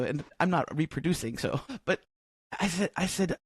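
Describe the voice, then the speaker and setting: A middle-aged woman speaks as a podcast guest and coach, telling a personal story with animated energy and mimicking the people she quotes. The recording is dry and close, with no room echo. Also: low-pitched, brisk, husky. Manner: lively storyteller who acts out quoted dialogue. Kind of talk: casual storytelling interview. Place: home, living in Australia.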